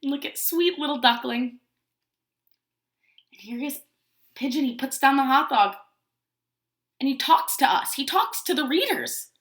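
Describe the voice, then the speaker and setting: A preschool teacher reads a picture book aloud to young children, stopping often to ask them questions. Her voice is high and bright with lively swings in pitch. The room adds a noticeable echo. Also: measured pace, pauses often. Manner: animated, asks children questions. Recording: roomy echo.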